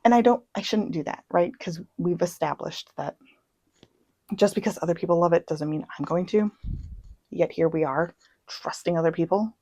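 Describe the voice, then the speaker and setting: A young woman chatting casually as a book vlogger, self-deprecating and full of quick asides. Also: lowish voice, gravelly, darkish tone, no room sound, rough recording. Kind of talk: casual chat. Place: home.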